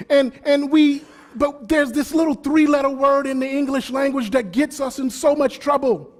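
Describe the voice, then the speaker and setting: High-voiced man preaching a sermon. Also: moderate pace. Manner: preaching with swelling emphasis and repeated phrases. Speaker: pastor.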